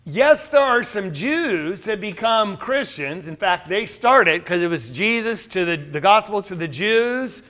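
A man's voice: sits high, expressive, a little slow, hardly any pauses, bright, forceful tone. A man teaching a Bible class, quizzing his listeners with questions and then answering them himself.

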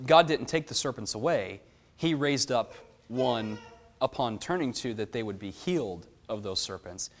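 A man leading a Bible study, explaining verses and asking the group questions in an animated way. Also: medium pitch, normal speed. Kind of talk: teaching a Bible class.

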